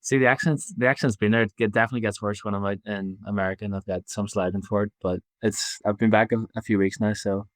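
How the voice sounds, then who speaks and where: A man in his twenties with a Belfast accent, talking casually as an interview guest, relaxed and halting with many fillers. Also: on the low side, dry recording. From Northern Ireland. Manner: easygoing, halting, lots of fillers and restarts. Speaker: basketball player guest.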